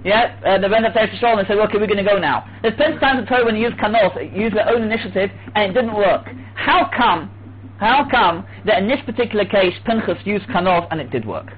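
A man giving an animated Torah class, restarting phrases and acting out what others said. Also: high voice. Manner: animated, acts out voices, restarts often. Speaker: Torah teacher. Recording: tinny phone-like line with faint hiss.

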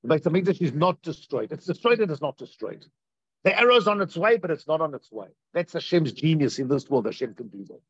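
A man teaching a Torah class as a rabbi, animated and repeating phrases for emphasis. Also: fairly high pitch, a little fast, breathy edge, dry recording, highs cut off. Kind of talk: Torah class on Tisha B'Av.

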